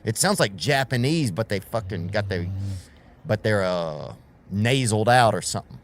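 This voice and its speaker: A man's voice: on the low side, lively intonation, moderate pace, slight background noise. A man doing a rambling, profane comedic monologue as a podcast host, full of slang and tangents.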